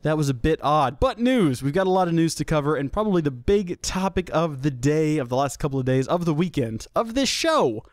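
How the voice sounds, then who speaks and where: A young man talks through news on his solo podcast in a loose, joking way, often stumbling and restarting. His voice sits a little high. It is recorded close and dry, with no room sound. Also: lively intonation, brisk, hardly any pauses, darkish tone, no echo. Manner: chatty, jokey, self-deprecating, with many restarts. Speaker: podcast host. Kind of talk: casual solo podcast talk.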